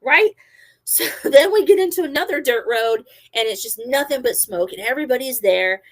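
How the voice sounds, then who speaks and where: A middle-aged woman and former army medic, casually telling a story and acting out her own quotes loudly. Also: sits high, expressive, brisk.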